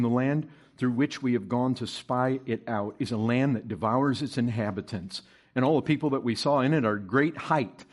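A man preaching a sermon to his congregation, reading scripture aloud, asking the listeners questions and building to emphatic, stressed bursts. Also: fairly high pitch. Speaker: pastor.

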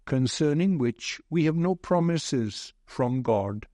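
A man preaching a sermon slowly and deliberately, telling a gentle humorous story along the way. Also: fairly high pitch, animated, dry recording, clean studio sound.

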